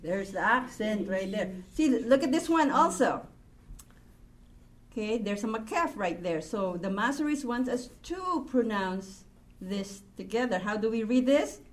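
Woman, Hebrew teacher, patient step-by-step explaining, slow pace. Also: a little high, lively intonation. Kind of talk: classroom lesson.

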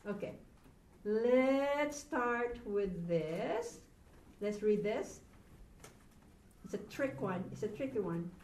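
A woman's voice: mid-range voice, lively intonation, slow pace, pauses often, darkish tone. A woman teaching a Hebrew grammar lesson to a class, patient and asking the students questions. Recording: roomy, from far off, faint noise.

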